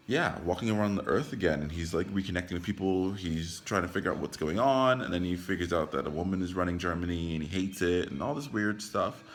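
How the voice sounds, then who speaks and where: A man's voice: sits low, a bit bright. A young man talking casually into his phone camera about a film, rambling, leaning on "like" and swearing freely. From United States. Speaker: vlogger.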